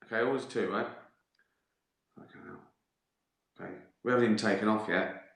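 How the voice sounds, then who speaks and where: A middle-aged man talks through a casual livestream, rambling between stories and swearing freely. His voice is bright and forward, and it bounces around an echoey room. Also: on the low side, steady tone, very fast. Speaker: livestream host answering viewer questions. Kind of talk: casual chat.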